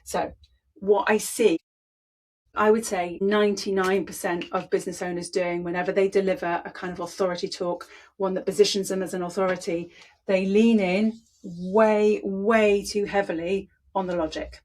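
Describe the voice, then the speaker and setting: Brief: woman speaking coach, slightly husky voice, emphatic and demonstrative delivery. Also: mid-range voice, flat delivery, normal speed, darkish tone. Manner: demonstrative, emphatic, repeats words for effect. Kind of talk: presenting a training talk.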